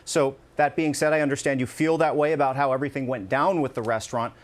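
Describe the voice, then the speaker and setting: A man's voice: mid-range voice, steady tone, quick pace. A male news anchor moderating a live TV debate, firmly keeping the speakers on time. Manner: firm, keeps time, interrupts. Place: TV studio.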